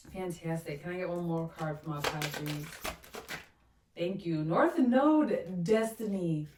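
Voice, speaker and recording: Lady doing a tarot pick-a-card reading, lowish voice, all excited listing keywords, sounds far off the mic. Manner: enthusiastic, reels off lists of card keywords. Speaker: tarot reader. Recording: echoey room, voice distant from mic.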